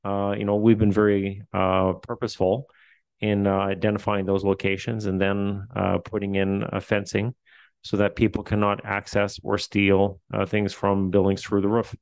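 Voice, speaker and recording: A man's voice: on the low side, monotone, normal speed, darkish tone, clear, resonant tone, dry recording. A man with a Newfoundland accent, a facilities administrator answering questions at a meeting, hesitant with many fillers and restarts.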